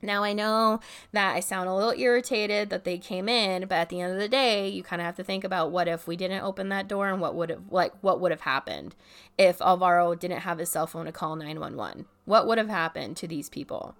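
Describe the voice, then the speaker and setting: A woman's voice: lowish voice, brisk, a bit bright. A woman casually telling a story from her apartment, chatty, dropping "like" constantly and swearing now and then. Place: home apartment.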